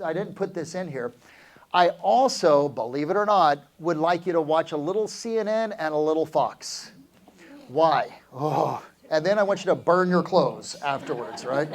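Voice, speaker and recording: A middle-aged man coaching real estate agents in a live seminar, talking energetically and quizzing the audience. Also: a little high. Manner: energetic, asks the crowd questions, calls for answers.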